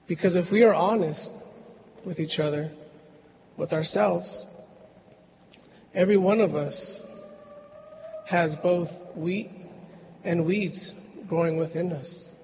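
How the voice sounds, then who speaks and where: A man preaching a sermon in a slow, measured way with long pauses, in a church. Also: high-pitched, darkish tone, in a large hall, slight background noise, low-quality recording.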